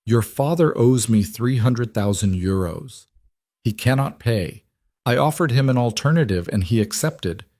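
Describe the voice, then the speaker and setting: A man voicing a cold, commanding middle-aged crime boss with an Italian accent, speaking deliberately and with quiet menace. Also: medium pitch, lively intonation, no echo, studio quality.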